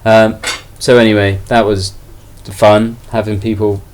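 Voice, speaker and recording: Low-voiced rambling man. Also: unhurried. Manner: relaxed, rambling, self-deprecating. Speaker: toy collector vlogger. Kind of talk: casual haul video chat.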